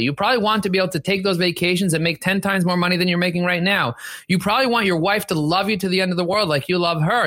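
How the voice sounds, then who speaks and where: A man coaches on a podcast in a bright, somewhat high voice. He hammers each point with emphatic repetition, preaching motivation. The sound is close and dry. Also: no echo. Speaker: podcast host and sales coach. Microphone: podcast microphone.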